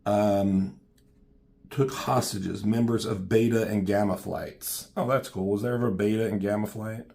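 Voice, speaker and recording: A low, gravelly man talks through a comic story in a loose, rambling way. He swears freely, fills gaps with ums and tosses in side questions as he goes. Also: steady tone, moderate pace, a little mellow. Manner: rambling, profane, many ums and asides. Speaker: comic book reviewer. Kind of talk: casual comic recap.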